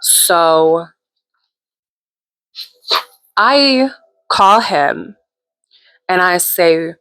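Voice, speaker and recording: A woman's voice: lowish voice, lively intonation, very slow, a bit bright. Frank, profane woman telling a story. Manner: candid, profane, chatty. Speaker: host. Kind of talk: casual storytelling.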